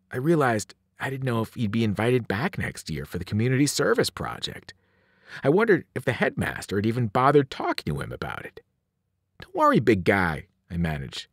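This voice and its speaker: A male teacher reading a novel aloud in an expressive, animated storytelling style. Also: medium pitch, vocal fry, husky, no echo, studio quality.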